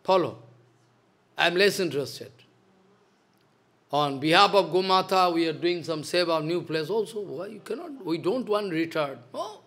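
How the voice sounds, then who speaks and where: A man's voice: sits high, lively intonation, normal speed, fairly bright tone. A man, a spiritual teacher giving a devotional lecture in a stern, scolding manner, repeating his points. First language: Bengali.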